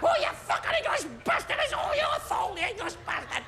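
A man's voice: very high voice, big pitch swings, fairly quick, vocal fry, reverberant, pitched above the performer's own voice, heavily acted. A man putting on a furious bellowing Scotsman. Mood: yappy. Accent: Scottish. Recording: noisy recording with loud audience.

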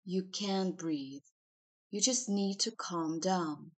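A woman voicing a man's cold, authoritative inner voice in an audiobook, giving slow, calm, firm instructions. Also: fairly low pitch, slightly rough. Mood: calm, commanding. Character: cold, commanding inner voice of a man. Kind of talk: audiobook narration.

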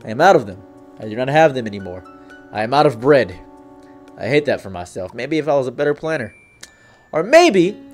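A man's voice: mid-range voice, big pitch swings, a little fast, soft background music. A man hosting a comedic commentary video, rambling without a script and playing up his words with theatrical inflections. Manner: theatrical, exaggerated inflections and playful emphasis. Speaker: YouTube commentary host.

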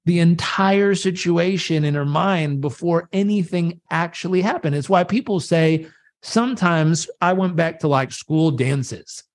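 A man as a guest on a live video chat, talking about coaching in a lively, storytelling way and acting out voices in his quotes. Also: fairly high pitch, unhurried. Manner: animated storyteller who acts out voices in quotes. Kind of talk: conversational coaching talk. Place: live social media video conversation.

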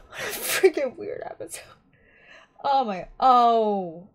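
Gal reacting to an anime, kinda high voice, rambly and chatty, keeps restarting. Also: female voice, sing-song, slow. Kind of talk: casual reaction commentary.

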